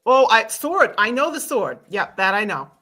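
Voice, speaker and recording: A woman's voice: fairly high pitch, big pitch swings, normal speed, bright, forceful tone, faint music behind, heavily acted. Woman doing a confused young man, put-on Boston accent. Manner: hesitant, stammering, exaggerated accent. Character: young man, reluctant hero, easily confused. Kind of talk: improvised comic scene reading.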